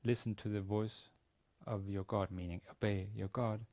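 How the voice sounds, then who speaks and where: A university lecturer teaches a Biblical Hebrew class, reading each sentence aloud in Hebrew, then translating it and methodically explaining the grammar step by step. His voice is on the low side and a little mellow, with a flat delivery at a moderate pace.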